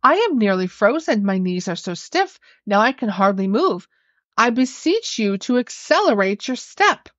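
A fretful lady ghost in a storybook begs and pleads with a voice that swings high and low. The sound is dry and a little dull. A woman acts her out. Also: big pitch swings, normal speed, no echo. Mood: pleading. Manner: pleading, desperate.

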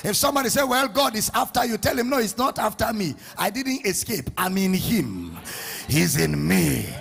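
A man preaching a sermon, leading the congregation in call-and-response, shouting in a sing-song preaching cadence. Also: high voice, sing-song, moderate pace, creaky. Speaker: pastor. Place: church hall with congregation.

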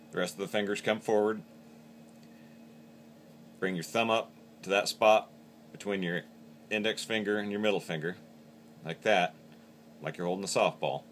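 A man's voice: fairly low pitch, a little hiss or hum. A man teaching how to use a game call, explaining each step plainly. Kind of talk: hands-on instructional demo.

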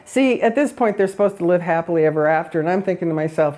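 A woman's voice: lowish voice, quick pace, darkish tone. A woman on a spiritual talk show who tells a fairy-tale parable in a chatty, self-deprecating way and laughs often. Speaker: guest.

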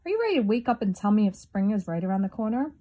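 A woman voicing a noisy male crow with a rackety, hoarse voice in a storybook. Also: medium pitch, sing-song, rapid-fire, dark tone. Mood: pushy.

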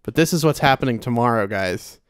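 A man's voice: medium pitch, expressive, fairly quick, smooth, dry recording. A young man casually commenting while playing a game, chatty and rambling with lots of fillers and restarts. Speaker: let's play host. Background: soft game music.

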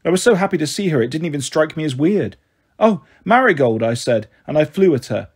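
A man reading a children's novel aloud as a storyteller, in a calm, even manner. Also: a little high, fast talker, slightly rough.

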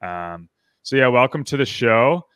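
A man's voice: medium pitch, animated, measured pace, a bit bright, clear, resonant tone, dry recording. A man hosting a podcast interview, upbeat and rambling, full of fillers and restarts. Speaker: podcast host. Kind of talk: casual interview chat.

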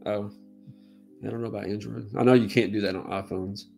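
A man's voice: on the low side, fairly even intonation, fairly quick, vocal fry, darkish tone, soft background music. A man hosting a casual comics livestream who chats in an easygoing way and greets his viewers. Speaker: livestream host. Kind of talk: casual chat.

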